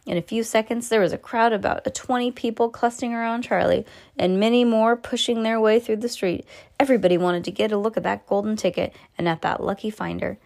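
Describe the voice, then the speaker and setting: A woman reading a children's story aloud, expressive, with small slips and restarts. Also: a little high, brisk, creaky. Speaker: reader to a child.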